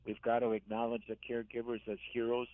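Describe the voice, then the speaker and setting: An older man, an author and caregiver, telling gentle stories in a radio interview, halting and repeating words as he speaks. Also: medium pitch, completely flat delivery, no echo. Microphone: phone. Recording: tinny dry phone line.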